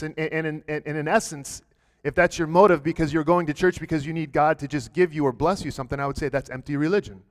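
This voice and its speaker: A pastor delivers an earnest sermon to his congregation, his voice sitting a little high for a man. He often doubles back on words and restarts phrases, then drives on with steady conviction. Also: fairly quick. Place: church.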